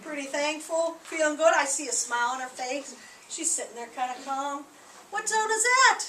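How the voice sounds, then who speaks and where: Animated teacher woman in an echoey hall. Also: high voice, moderate pace, slight background noise. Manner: animated, acting out feelings for the class. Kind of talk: classroom lesson to young children. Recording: echoey room recorded from a distance.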